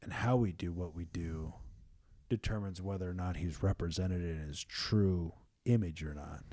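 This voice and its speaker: Casting: man, fairly low voice, loose and animated in casual faith talk, with sudden whispers. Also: moderate pace.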